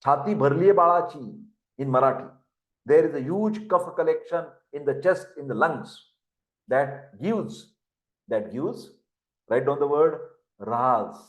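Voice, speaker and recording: A man's voice: a little high, expressive, takes it slowly, muffled recording. An older man with an Indian English accent, giving a lecture, who repeats terms and spells words out for dictation. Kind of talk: classroom lecture. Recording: echoey room.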